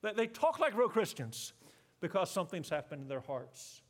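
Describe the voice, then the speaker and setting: A man pastor giving an earnest, measured sermon, repeating key phrases and slowing down for emphasis. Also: high voice, very animated. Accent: Southern US.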